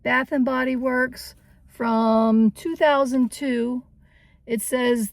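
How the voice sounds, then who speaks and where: A woman vlogger chatting cheerfully about her vintage finds, giggling often. Her voice sits a little high with a gravelly fry, and she takes her time over every phrase. The sound is close and dry. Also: fairly even intonation, takes it slowly, dry recording. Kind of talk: casual vlog chat.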